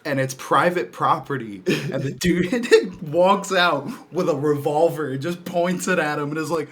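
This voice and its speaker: A man in his twenties on a casual podcast with friends, an animated storyteller who laughs while sharing trivia. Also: on the high side, measured pace, few pauses, background noise. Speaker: podcast co-host. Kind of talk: casual chat among friends.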